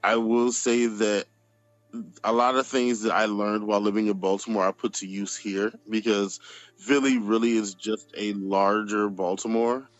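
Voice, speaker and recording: Upbeat low-voiced man. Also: flat delivery, moderate pace, no echo, faint music behind. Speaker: interviewee. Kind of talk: personal testimony.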